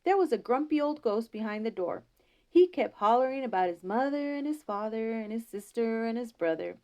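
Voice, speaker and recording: A woman voicing a fearless young country woman, brisk and matter-of-fact. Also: fairly high pitch, animated, mellow. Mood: unbothered.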